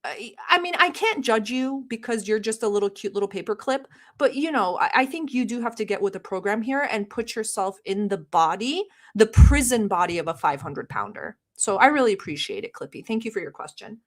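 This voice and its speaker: A woman from the Middle East hosts a casual livestream, talking straight to her chat in a brash, sarcastic way and mock-yelling at viewers. Her voice is on the high side with lively intonation, and she speaks briskly with hardly any pauses.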